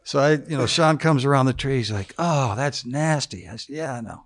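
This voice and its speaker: A man's voice: mid-range voice, fast. An older man, a former football player, tells a crude, funny anecdote as a podcast guest in a studio, chuckling as he goes. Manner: laid-back, crude anecdote told with chuckles. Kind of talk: casual storytelling interview.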